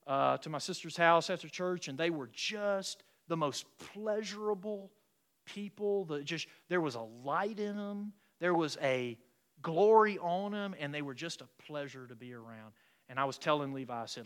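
A man preaching a sermon as pastor in a church, swinging between loud exhortation and quiet, intimate passages. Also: fairly high pitch, normal speed, clean tone.

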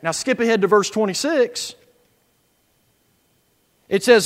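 A man preaching a sermon, swinging from quiet asides to loud, emphatic scripture reading. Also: high voice, expressive, a little slow, pauses often. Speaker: pastor. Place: church sanctuary. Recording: echo with long reverb in a church.

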